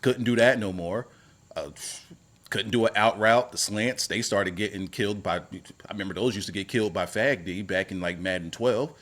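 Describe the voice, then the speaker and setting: A man, a wrestling YouTuber, giving casual opinion commentary in a rambling, animated way that repeats itself. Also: lowish voice, normal speed. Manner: rambling, animated, repeats himself, voice jumps up when worked up.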